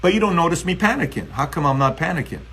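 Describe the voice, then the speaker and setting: A man's voice: fairly high pitch, sing-song, quick pace, a bit bright, breathy edge. A man from Iran with an Iranian accent, hosting a motivational live stream and taking callers, talking emphatically and repetitively.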